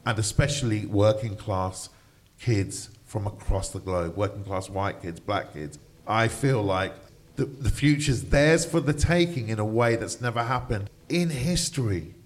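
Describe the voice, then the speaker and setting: A man's voice: fairly low pitch, expressive, a little slow. A middle-aged man, a broadcaster and DJ, speaking passionately in a conversational interview, acting out other people's voices when he quotes them. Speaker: radio DJ and broadcaster, interview guest.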